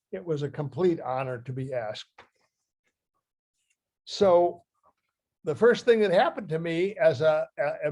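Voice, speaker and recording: An older man from Ohio, a guest speaker who reads from his memoir in a halting, heartfelt way and often restarts his phrases. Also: a little high, darkish tone. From Ohio, USA. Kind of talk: talk reading from his memoir.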